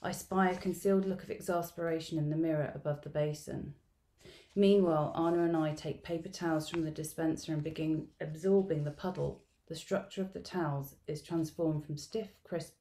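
Low, gravelly-voiced middle-aged woman reading. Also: fairly even intonation, mellow, slight background noise. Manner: measured, reflective storytelling delivery. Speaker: education researcher presenting at a symposium. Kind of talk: reading a field-note narrative aloud.

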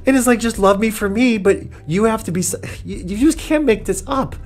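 A man's voice: high voice, a little fast, soft background music. A man hosting a reaction commentary show, talking in a sarcastic, exasperated way and addressing people as ma'am. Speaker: commentary channel host.

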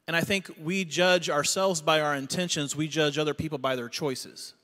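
Middle-aged male pastor, storytelling sermon, slightly high, bright tone, echoing church hall. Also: normal speed. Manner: storytelling, animated when recounting. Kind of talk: conversational sermon. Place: church auditorium. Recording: long reverb of a church hall.

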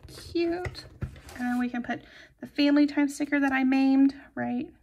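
Giggly high-voiced woman crafting. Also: moderate pace, vocal fry. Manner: chatty and giggly, drifting into soft murmurs while crafting. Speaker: planner vlogger. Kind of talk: casual plan-with-me narration.

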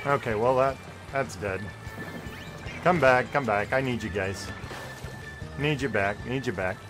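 A young man streaming a game live, chatting casually with viewers and yelping and shouting when plays get close. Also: mid-range voice, unhurried, music in the background. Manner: excitable, yelps and shouts at close plays, joking with chat. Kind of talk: casual live gameplay commentary.

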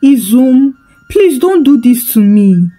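A woman's voice: sits high, very animated, takes it slowly, mellow, faint music behind, full character voice. A woman voicing a bewitched mother who pleads desperately with her son. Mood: begging.

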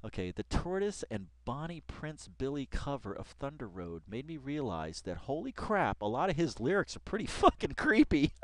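Male YouTuber, casual read-along, rambling and profane, average pitch, dry sound. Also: huge pitch swings, normal speed, no echo. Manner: rambling, laughing, swears freely. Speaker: YouTuber reacting to an article.

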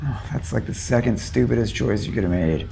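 A man's voice: fairly low pitch, fairly quick, creaky, mellow. A man who sings in a band, joking crudely and boastfully in a mock-serious backstage interview. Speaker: band's singer. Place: backstage at a venue.

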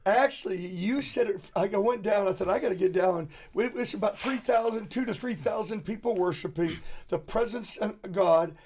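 A man's voice: high-pitched, moderate pace, a little mellow, husky. A man who is a preacher, a guest on a podcast, telling a story in an earnest way and laughing while he remembers it. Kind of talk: conversational storytelling.

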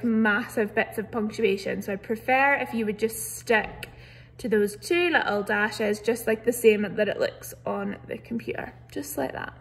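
A woman's voice: fairly high pitch, fairly bright tone. A young woman teacher, explaining a grammar lesson patiently step by step. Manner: patient step-by-step explaining, reads examples aloud with emphasis. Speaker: primary school teacher. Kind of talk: recorded remote grammar lesson.

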